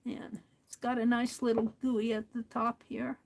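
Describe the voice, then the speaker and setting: Slow, soft-spoken woman crafting. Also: on the high side, flat delivery, vocal fry, low-quality recording. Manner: slow, muttering to herself, drops to soft near-whispers. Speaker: craft livestream host. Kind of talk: casual craft talk while working.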